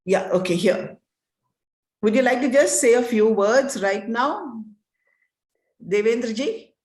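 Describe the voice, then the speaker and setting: A woman's voice: fairly high pitch, lively intonation, takes it slowly, darkish tone, reverberant, low-quality recording. A woman moderating an online panel discussion over a video call, upbeat and coaxing.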